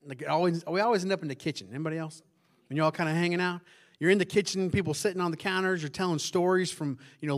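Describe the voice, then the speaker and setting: A male pastor, preaching in a loud, conversational way that keeps asking the congregation questions and drops into hushed tones for emphasis. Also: fairly high pitch. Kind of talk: conversational sermon.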